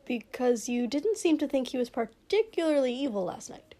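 A woman's voice: high-pitched, animated, normal speed, dark tone. Lady doing a prim young male attendant, polite, way too chipper. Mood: teasing.

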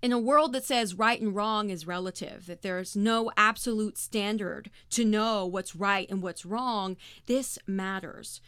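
A woman hosting a Christian teaching podcast, speaking in a clear, earnest way. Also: mid-range voice, unhurried, few pauses, a bit bright, dry recording, studio quality. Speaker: podcast host.

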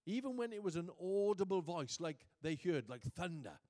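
A man preaching a sermon, moving from quiet reflection to booming emphasis and reading scripture slowly. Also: big pitch swings. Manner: reads scripture aloud slowly.

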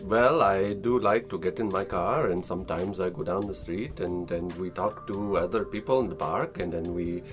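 A man's voice: low-pitched, over music, close to an everyday voice. A man putting on a rambling Indian-accented guy. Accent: Indian, put on. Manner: halting, rambling with fillers.

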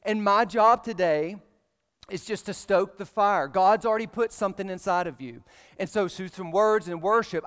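Southern pastor, thirties, high smooth voice, jokey animated preaching, church hall echo. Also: male voice. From Alabama. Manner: casual, joking, animated preaching. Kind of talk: sermon. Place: church sanctuary.

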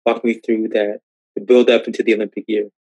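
A man's voice: lowish voice, level tone, a little fast, a little mellow, no room sound, highs cut off. A man hosting a podcast, asking an athlete to walk him through a story. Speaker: podcast host. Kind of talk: interview questions.

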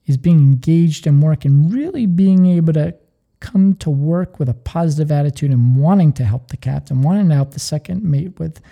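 Dark gravelly man giving earnest advice. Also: a little high. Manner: earnest, energetic storytelling. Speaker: podcast host. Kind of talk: motivational podcast talk.

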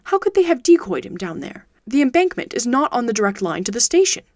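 A woman reading the part of Sherlock Holmes, a keen-minded Victorian detective, in a measured, precise voice. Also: a little high, very animated, darkish tone, no echo, studio quality. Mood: agitated.

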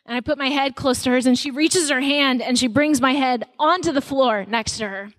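A woman speaker giving a conversational sermon to mothers at a conference, telling personal stories with animated delivery. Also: high-pitched, moderate pace, no echo. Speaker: mother of young children.

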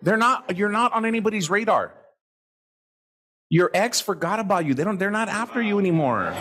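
Male motivational speaker, high voice, lively swings in pitch, blunt and foul-mouthed, live crowd in a hall. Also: normal speed. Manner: profane, blunt, animated. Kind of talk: live seminar talk to an audience. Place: seminar hall with a live audience. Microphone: handheld microphone.

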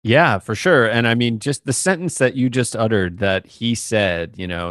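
A man's voice: medium pitch, normal speed, hardly any pauses, fairly bright tone, no echo, studio quality. A man hosting an interview podcast, a former touring musician who chats casually and encourages his guest. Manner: encouraging, lots of short agreements.

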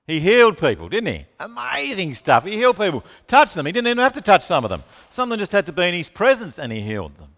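High-voiced and rapid, with few pauses, a man preaches a sermon in an animated way. He asks the room questions and addresses listeners by name, and the sound carries a hall's long reverb.

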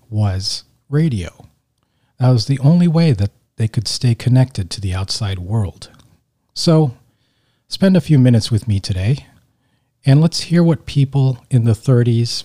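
A man hosts a podcast episode on his own at an unhurried pace. His voice is mellow and dark, and his delivery is relaxed and reflective, with the odd "uh" along the way. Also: mid-range voice. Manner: relaxed, thoughtful, with filler "uh"s. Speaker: podcast host. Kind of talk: solo podcast introduction.

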